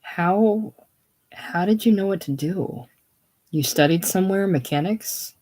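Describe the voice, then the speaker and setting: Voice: mid-range voice, a little slow, darkish tone, pitched above the performer's own voice, lightly acted. A reader voicing Gus, an earnest, apologetic Austrian mechanic with a slight German accent, polite and eager to be welcomed. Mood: grateful. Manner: polite, eager, self-effacing.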